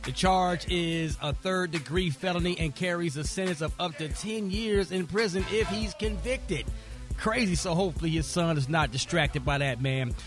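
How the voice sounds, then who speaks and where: A man giving a relaxed, conversational sports report on a morning radio show. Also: sits high, normal speed, faint music behind.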